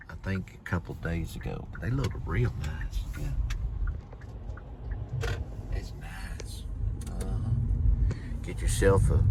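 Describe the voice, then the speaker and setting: A man's voice: deep voice, recorded from a distance. A man driving deliveries, chatting casually in a folksy way from inside his car. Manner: chatty, folksy running commentary. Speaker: delivery driver and vlogger. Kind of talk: casual narration while driving. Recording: loud car road noise.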